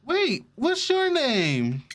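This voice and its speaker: A man's voice: very high voice, wildly swooping pitch, extremely slow, fairly bright tone. A man casually commenting on a game he is playing, chatty, joking and profane. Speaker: gaming streamer. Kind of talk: casual let's-play commentary.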